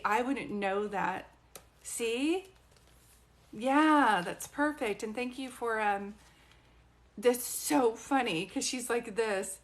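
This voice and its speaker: Chatty woman giving psychic readings. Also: on the high side. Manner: chatty and rambling, asks viewers questions. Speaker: psychic medium. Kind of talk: live social media readings.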